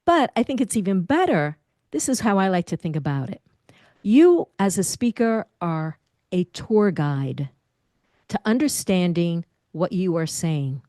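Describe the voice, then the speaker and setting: A middle-aged woman, a speaking confidence coach, giving lively advice in an interview and demonstrating different voice habits. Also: fairly low pitch, unhurried, no echo, studio quality.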